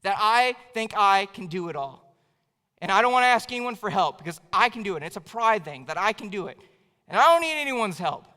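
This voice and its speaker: A man's voice: high-pitched, big pitch swings, brisk, sharp tone. A young man preaching a sermon in a church, telling a self-mocking story in a casual, chatty way. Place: church sanctuary. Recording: long hall reverb.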